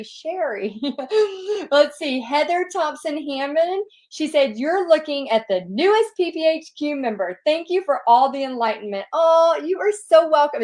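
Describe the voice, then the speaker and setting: A middle-aged woman hosts a relaxed live Q&A and reads viewer comments aloud. Her voice sits somewhat high, and she gushes warmly and effusively over each one. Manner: bubbly, gushing, effusive. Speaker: host reading viewer questions. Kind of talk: casual live Q&A.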